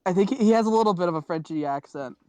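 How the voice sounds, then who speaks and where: Casual male co-player, smooth clear voice, dry close sound. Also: high voice, dark tone, no echo. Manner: loose, swearing, halting. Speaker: co-player on stream. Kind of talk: casual game-stream chat.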